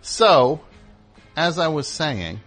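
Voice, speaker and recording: A man hosting a comedy talk show, rambling through a bit with many fillers and quick mock voices. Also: a little high, sing-song, fairly bright tone, faint music behind. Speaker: radio show host.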